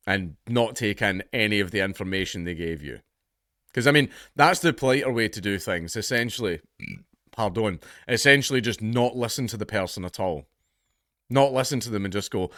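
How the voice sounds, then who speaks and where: Scottish guy in his 30s doing a sweary sarcastic rant, lowish voice, dead dry mic. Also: moderate pace, fairly bright tone, no echo. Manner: sardonic, ranting, swears freely. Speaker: commentator. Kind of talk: casual commentary.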